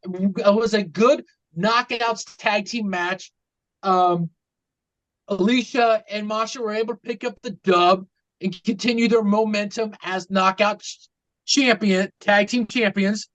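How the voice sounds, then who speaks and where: A woman's voice: mid-range voice, measured pace, muffled recording. A woman co-hosting a casual podcast, recapping matches with a hesitant manner, full of ums and restarts. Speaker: podcast co-host.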